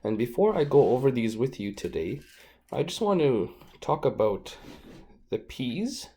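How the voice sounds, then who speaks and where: A man leads a casual language lesson at an unhurried pace and pronounces each syllable carefully. His voice is warm and mellow, and his delivery is informal and modest. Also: mid-range voice, sing-song. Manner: slow, informal, self-deprecating, demonstrates sounds syllable by syllable. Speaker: language teacher. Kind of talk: relaxed spoken language lesson.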